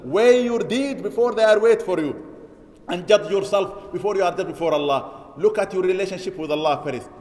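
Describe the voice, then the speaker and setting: A man with a high, quick voice delivers an Eid sermon in a large mosque hall, his words ringing with long reverb. He exhorts the congregation, repeating key lines for emphasis and rattling off Arabic verses at speed. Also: lively intonation. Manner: chants Arabic scripture quotes quickly. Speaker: imam preaching.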